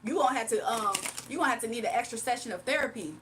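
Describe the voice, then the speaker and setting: A woman's voice: on the high side, racing, far from the mic, background noise. A woman reading tarot on a livestream, reading chat comments aloud and trading blunt, sassy trash talk with frequent laughs. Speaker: tarot reader streaming live.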